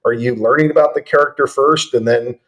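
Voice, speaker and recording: A man's voice: medium pitch, fairly quick, a bit bright. Male host of a community stream; jokey, rambling questions. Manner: rambling, joking questions, restarts. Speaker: interview host. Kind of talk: casual interview chat.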